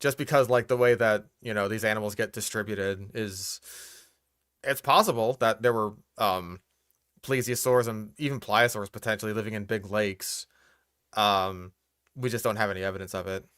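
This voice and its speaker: A man's voice: fairly low pitch, fairly even intonation, moderate pace, a bit bright, smooth, no room sound, studio quality. A young man hosting a reaction commentary, exasperated and profane, picking apart what he hears. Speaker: host reacting to a video.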